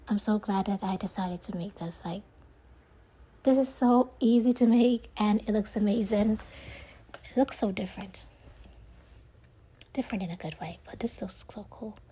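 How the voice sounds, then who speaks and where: A woman's voice: medium pitch, warm tone, slightly rough, low-quality recording. A woman narrating her own craft video in a casual voiceover, chatty and enthusiastic, often repeating her praise. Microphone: voiceover mic.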